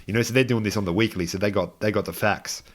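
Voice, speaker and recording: Male podcast co-host with a low voice and loose, rambling delivery full of restarts. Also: quick pace. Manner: rambling, chatty, many restarts and tangents. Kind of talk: casual chat.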